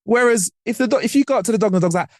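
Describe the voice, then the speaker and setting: A man's voice: sits high, rapid-fire, dry recording, studio quality. A man co-hosting a podcast in casual, slangy chat, acting out what people say. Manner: animated, slangy, acts out quotes. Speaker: podcast co-host.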